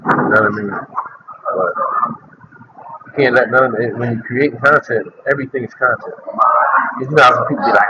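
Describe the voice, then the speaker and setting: A man's voice: medium pitch, normal speed. A man chatting casually as a content creator, rambling loosely and repeating his words, outdoors on a city street through an earphone mic. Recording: dull lo-fi sound with loud street noise.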